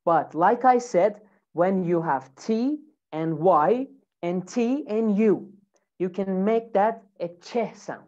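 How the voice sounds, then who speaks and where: A woman's voice: mid-range voice, takes it slowly, a little mellow, muffled recording. A woman teaching English pronunciation in a lesson, repeating example words over and over with exaggerated emphasis.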